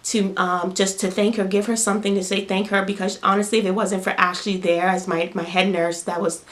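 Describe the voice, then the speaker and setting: A young new mother speaks to camera in a mid-range, brisk voice with little pitch movement. Telling a personal story casually and emotionally, she's near tears, repeating words often and using lots of fillers.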